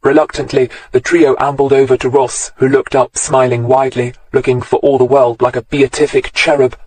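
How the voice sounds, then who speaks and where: A man narrating a crime novel audiobook in a steady, measured storytelling voice, recorded close to the mic. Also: medium pitch, husky, low-quality recording.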